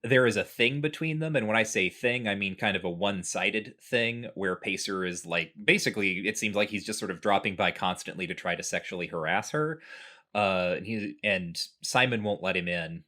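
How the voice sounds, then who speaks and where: Speaking at a moderate pace in a lowish voice, this man recounts a video game run to his co-host in easygoing conversation. He slips into the characters' lines now and then while telling the story.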